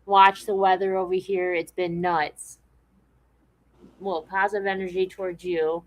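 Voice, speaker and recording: A woman co-hosting a podcast, chatting in a relaxed way and reading viewer comments aloud. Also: fairly low pitch, a little slow, poor audio. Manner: relaxed and conversational, with frequent restarts. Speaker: podcast co-host.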